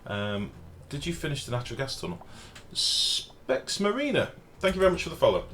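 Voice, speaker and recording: Talking very fast and animatedly in a mid-range voice, a man streams a game from home, chatting with viewers and occasionally swearing. The window is open, so faint street noise is audible in the background.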